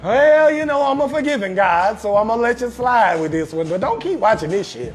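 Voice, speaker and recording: A man's voice: high voice, lively intonation, a little fast, faint music behind. A male comedian voicing God as an exasperated, cursing figure, who scolds a sinner for what he watches but then forgives him. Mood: forgiving. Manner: cursing, disappointed, mock-scolding.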